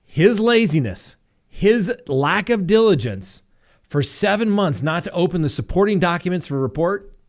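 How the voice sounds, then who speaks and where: A man's voice: sits high, very animated, normal speed. A middle-aged man, a defense attorney hosting a live show, telling courtroom stories casually and acting out the voices of the people in them. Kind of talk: casual live-stream storytelling.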